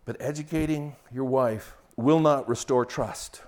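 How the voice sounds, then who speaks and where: An older man preaching a sermon on marriage, swinging from loud mocking quotes to hushed, intimate storytelling. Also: medium pitch, a little slow. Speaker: pastor.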